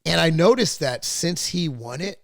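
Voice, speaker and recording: Casual and profane, this middle-aged podcast host wanders through family stories. He speaks at a normal speed in a slightly high, expressive, creaky voice, recorded without room sound.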